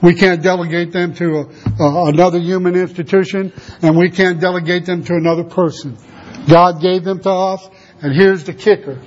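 A man in his sixties preaching a sermon to fathers, earnest and slowing down to stress key words. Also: sits high, fairly even intonation, highs cut off, a little hiss or hum. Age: 60s. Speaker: pastor.

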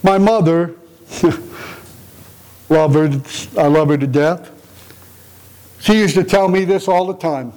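A man's voice: on the high side, slow pace, pauses often, a little mellow, poor audio. A man preaching a conversational sermon in an earnest, emotional way, often asking rhetorical questions. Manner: emotional, tender-hearted delivery.

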